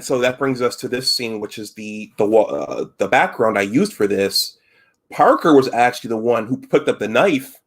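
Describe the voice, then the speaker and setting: A man with a fairly low voice hosts a casual live stream, walking through a film scene by scene. He talks in a loose, halting way, restarting phrases and stopping to act out lines. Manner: retells scenes with filler restarts and acted-out quotes. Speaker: host.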